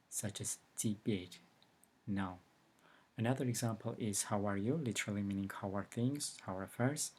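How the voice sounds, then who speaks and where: Brief: male teacher, lowish husky voice, slow careful lesson delivery. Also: darkish tone. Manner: slow, careful explanations with example words. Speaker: language teacher. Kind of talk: recorded language lesson.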